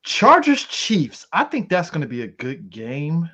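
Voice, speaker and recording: Male football podcast co-host, giggly and hesitant, lively pitch, muffled lo-fi audio. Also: a little slow, slightly rough. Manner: laughs often, hesitant fillers. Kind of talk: casual sports chat. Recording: dull lo-fi mic.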